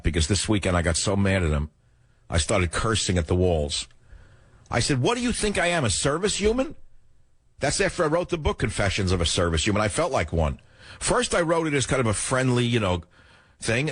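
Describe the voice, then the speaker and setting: An older man hosting a radio talk show, ranting sarcastically through an opinionated monologue with a husky voice. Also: on the low side, lively intonation, brisk, no echo.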